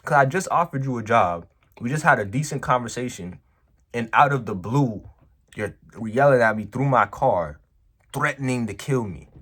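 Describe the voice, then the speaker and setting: Husky and medium-pitched, this male business owner speaks at a steady, moderate clip. His vlog monologue is a personal story told casually and emphatically, loaded with slang, and he keeps saying "bro."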